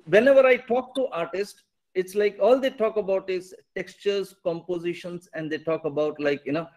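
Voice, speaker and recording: A man's voice: high voice, moderate pace, a little mellow. A man with an Indian English accent, interviewing eagerly, agreeing often and searching for words. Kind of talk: interview conversation.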